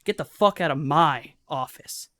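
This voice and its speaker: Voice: mid-range voice, unhurried, pushed and bright, no echo. A game master voicing a cold, cruel man who mocks his brother in a sober, unslurred tone.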